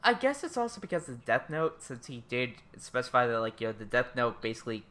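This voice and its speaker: A man co-hosting a podcast in casual chat, talking excitedly, swearing freely and acting out quotes in animated voices. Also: mid-range voice, fast. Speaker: podcast co-host.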